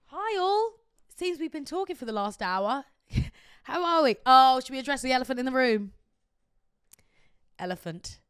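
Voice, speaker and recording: Podcast host, woman, high voice, bubbly, animated storyteller, dry close mic. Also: moderate pace, smooth, no echo. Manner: chatty, animated storytelling with frequent laughs. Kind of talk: casual chat.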